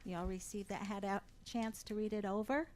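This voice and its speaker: Deliberate, pointed woman commenter. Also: medium pitch, fairly even intonation, a little mellow, rough recording. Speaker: public commenter. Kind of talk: public comment at a council meeting.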